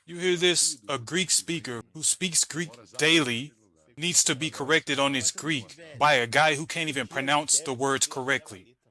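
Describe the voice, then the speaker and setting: A man's voice: on the high side, normal speed, sharp tone. A man hosting commentary on a debate clip, combative and mocking, who also reads scripture aloud. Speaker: host. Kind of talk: scripture reading.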